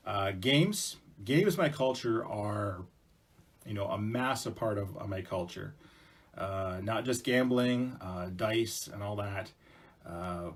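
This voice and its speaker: A man telling traditional stories to students in a chatty, casual way with asides and fillers. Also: mid-range voice. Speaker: storyteller presenting to schools. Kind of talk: casual oral storytelling.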